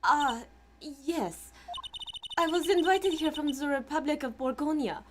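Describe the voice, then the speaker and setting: A woman voicing a calm, polite foreign woman singer in a casual game fan dub, speaking in a composed, formal way. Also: sits high, a little slow, background noise. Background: game music.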